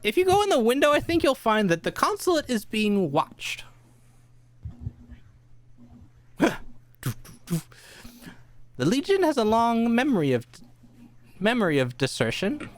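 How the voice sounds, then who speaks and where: Woman as a shrewd Victorian detective for an amateur radio play; animated delivery, lecturing tone. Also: a little high. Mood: amused. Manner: brisk, lecturing, amused.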